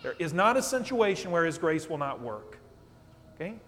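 A man preaching a sermon as pastor, animated and conversational, often checking in with "okay?". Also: a little high, normal speed. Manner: animated preaching, acts out quotes, asks "okay?". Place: church sanctuary. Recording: long church reverb.

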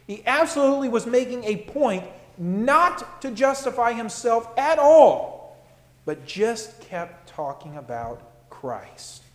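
A man's voice: very high voice, sing-song, takes it slowly. A male pastor giving a conversational sermon to his congregation and acting out quoted voices. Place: church sanctuary. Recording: echoey hall.

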